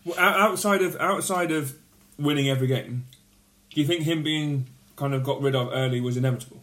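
A man's voice: fairly high pitch, a little fast, a bit bright. A man, co-hosting a casual football podcast, telling stories and acting out other people's lines. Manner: storytelling, acts out others in quoted voices. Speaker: podcast co-host. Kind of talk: casual chat. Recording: roomy echo.

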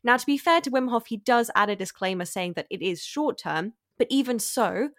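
Measured woman explaining, dry close sound. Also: fairly high pitch, expressive, a bit bright, no echo. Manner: measured, emphatic explaining, deliberate repetition. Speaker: podcast co-host. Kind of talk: explanatory casual chat.

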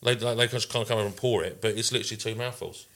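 A man's voice: on the low side, steady tone, very fast, a bit bright. A man, a podcast host telling sweary, self-mocking stories in casual chat.

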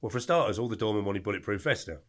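With a fairly low, slightly bright voice and lively intonation, an older man races through casual stories on a podcast as a guest. His delivery is rambling and blunt, and he keeps stopping to correct himself.

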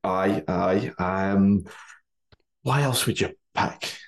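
A Scottish man hosting a casual football podcast, jokey and quick to laugh, using broad dialect words. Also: low voice. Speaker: podcast host.

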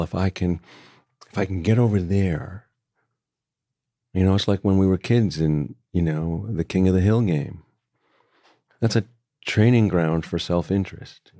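An older man, a book author talking as a guest, speaking in a thoughtful, measured way with frequent restarts. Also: deep voice, mellow, no echo, clean studio sound. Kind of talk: reflective conversation.

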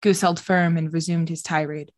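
A woman's voice: deep voice, steady tone, normal speed, no room sound, studio quality. A woman co-hosting a podcast who reads fanfiction aloud reluctantly, making exasperated comments along the way. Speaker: podcast co-host. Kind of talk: casual podcast reading.

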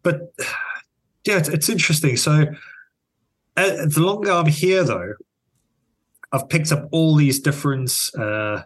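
With long pauses and a measured pace, a South African co-host of a casual podcast reflects aloud, frequently starting his sentences over or trailing off. He has a husky, fairly high-pitched voice.

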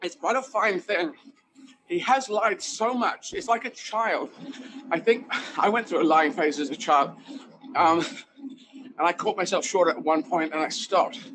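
A comedian talks in a lively, emphatic rush, circling back on his phrases. His voice sits high for a man. Steady outdoor noise runs under everything. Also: measured pace. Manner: animated, emphatic, rambling asides. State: running while talking. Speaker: guest comedian. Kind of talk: conversational interview.

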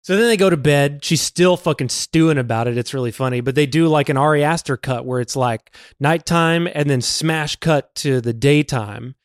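Animated man on a dry podcast mic. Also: on the high side, normal speed, few pauses, dry recording. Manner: animated, acts out movie lines in put-on voices. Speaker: podcast co-host. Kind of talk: casual movie podcast chat.

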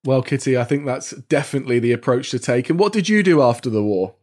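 A man hosting a history podcast, thanking his guest and reading show notices, with some halting restarts. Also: medium pitch, expressive, darkish tone. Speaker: podcast host. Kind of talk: podcast interview and outro.

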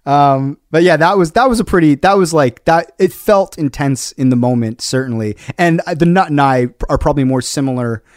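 A man's voice: fairly high pitch, a little fast, hardly any pauses, no echo, clean studio sound. A man on a podcast, telling a long story in casual chat with lots of fillers and restarts. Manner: rambling, many fillers and restarts. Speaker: podcast co-host.

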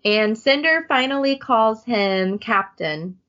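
A woman's voice: on the high side, animated, slow pace, a bit bright. Woman podcast co-host, chatty book talk, reads excerpts aloud; dull lo-fi sound. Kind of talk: casual book discussion. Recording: dull lo-fi audio.

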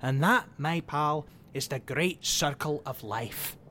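An actor playing a crude, sarcastic football club insider who swears constantly and mocks everyone around him. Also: male voice, on the high side, slow, bright, forceful tone, a little hiss or hum. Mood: scornful. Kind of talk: comedic audio drama acting.

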